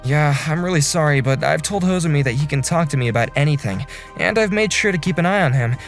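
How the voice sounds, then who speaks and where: A man voicing a calm, considerate section chief who narrates and talks in a reassuring, apologetic way. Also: on the high side, quick pace, soft background music. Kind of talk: first-person story narration in a dubbed animation.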